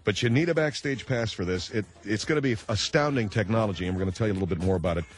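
A man's voice: on the low side, racing, soft background music. A man hosting a radio call-in show, brash and pushy, firing repeated questions at callers. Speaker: radio talk show host.

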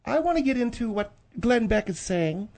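A man puts on a bossy female co-host with a sharp, nagging tongue. She snaps back at every remark in a comedic radio talk-show bit. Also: very high voice, very animated, normal speed, pitched above the performer's own voice, exaggerated voice. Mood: scolding. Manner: snippy and scolding.

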